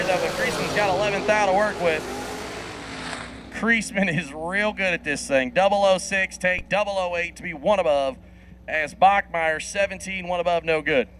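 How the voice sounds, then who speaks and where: A man's voice: on the high side, a bit bright, slight background noise, poor audio. A man calling drag races live, rattling off dials and reaction times, laughing often between runs. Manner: quick play-by-play, laughs often. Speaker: drag racing commentator. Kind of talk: live race commentary. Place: racetrack broadcast booth.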